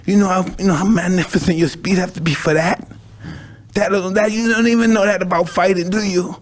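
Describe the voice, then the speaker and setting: A man's voice: high-pitched, fairly even intonation, a little fast. A man hosting a conversation, talking intensely and emotionally, repeating himself and swearing, at times crying. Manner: intense, emotional, repetitive, profane. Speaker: podcast host.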